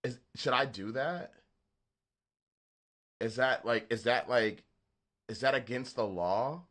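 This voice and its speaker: A man with a Southern accent talks to his livestream audience while making beats. His voice is bright and forward, and he rambles through restarts and loose, profane asides. His pitch sits in an ordinary middle range. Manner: rambling, halting, swears freely. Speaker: beatmaker livestream host. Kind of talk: casual live-stream chat.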